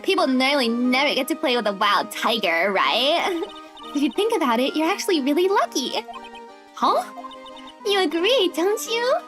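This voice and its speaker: A woman voicing a bubbly young woman animal tamer in a high, airy voice. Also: sing-song, normal speed, fairly bright tone, faint music behind. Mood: sweet.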